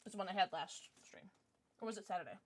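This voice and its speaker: A young woman streamer chatting casually and excitedly to her viewers, now and then cooing at her dog in baby talk. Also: medium pitch, quick pace. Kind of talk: casual livestream chat.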